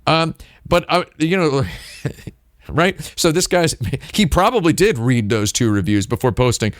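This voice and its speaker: A man's voice: fairly high pitch, animated, normal speed, dry recording, studio quality. A man hosting a casual livestream, rambling through a story with lots of fillers and restarts. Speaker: streamer host.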